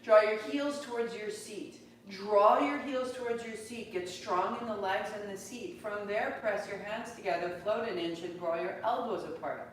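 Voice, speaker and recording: A woman teaching a live yoga class, calmly cueing breath and movement in a steady rhythm. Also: medium pitch, moderate pace, few pauses. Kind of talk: guided yoga class instruction. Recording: very echoey, distant, faint room noise.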